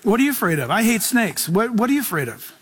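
Guy pastor preaching, pretty high voice, super casual and hyped, slangy. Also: big pitch swings, fast talker, fairly bright tone, husky. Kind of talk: sermon.

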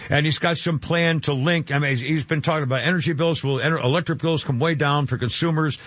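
A man hosting a radio talk show, rambling casually from one point to the next and often breaking into exclamations. His voice is husky and a little high. The sound is dry and slightly dull, like a broadcast feed. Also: fairly even intonation, fast, a bit bright, no echo. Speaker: radio host.

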